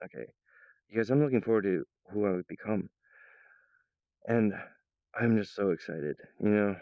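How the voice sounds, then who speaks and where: A man talking in an excitable, rambling improvised monologue, jumping between ideas and restarting his sentences. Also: lowish voice, moderate pace, no room sound. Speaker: video creator. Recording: dull, lo-fi, dry sound.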